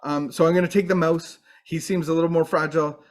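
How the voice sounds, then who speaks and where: Man voices good-natured rescuer goose, reassuring, a bit higher and quicker. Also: fairly even intonation, close to an everyday voice. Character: kindly male goose on a rescue mission.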